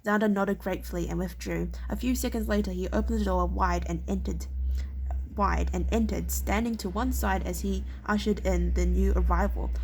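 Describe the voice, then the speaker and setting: A woman reading a novel aloud, halting and often stumbling and restarting words. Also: medium pitch, steady tone, gravelly, a little mellow, slight background noise. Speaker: reader.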